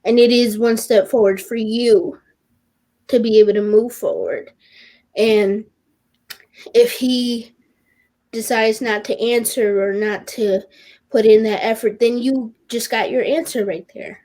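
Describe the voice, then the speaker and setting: A teenage girl with a fairly high voice speaks as a guest on a podcast. She talks earnestly and with open emotion, often breaking off and restarting her sentences. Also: warm tone. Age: teens. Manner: earnest, halting, with many restarts; openly emotional. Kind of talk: personal podcast conversation.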